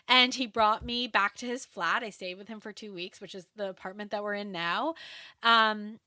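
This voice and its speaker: Bright, animated woman telling a story. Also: mid-range voice, no echo, studio quality. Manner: animated, laughs often while telling stories. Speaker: podcast guest. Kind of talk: casual storytelling interview.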